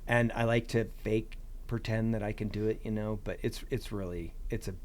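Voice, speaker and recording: A man's voice: fairly low pitch, steady tone, normal speed, a little mellow. A man chatting as a podcast guest about long-distance hiking, rambling with restarts and "you know". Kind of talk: casual podcast chat.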